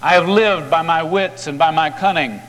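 A man's voice: fairly high pitch, normal speed, a bit bright, in a large hall, close to an everyday voice. A man voicing a desperate, guilt-ridden man who pleads with intensity. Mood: confessing.

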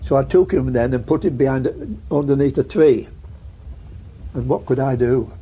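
A man's voice: mid-range voice, moderate pace, warm tone, husky, rough recording. An older man telling his story in a rambling, vivid way with repeats during an interview. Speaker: war veteran interviewee.

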